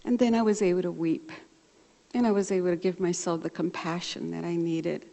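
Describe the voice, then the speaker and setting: Speaking fairly low and a bit fast with a gravelly edge, a woman minister delivers a sermon from the church sanctuary. She recounts a personal story with warmth, animatedly voicing each side of a phone exchange, and the livestream echoes with long reverb.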